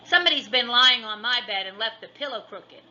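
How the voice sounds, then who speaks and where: A woman voicing a calm mother bear in a storybook reading, in a plain, matter-of-fact way. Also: on the high side, a little fast, noisy background, pitched above the performer's own voice, lightly acted. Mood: fussy. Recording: dull lo-fi recording.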